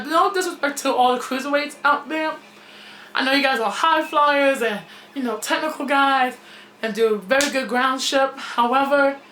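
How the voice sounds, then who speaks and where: A woman giving a casual, opinionated wrestling review, blunt and outspoken and quick to swear, recorded in a gym. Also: sits high, a bit bright, a little hiss or hum. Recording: echoey gym room.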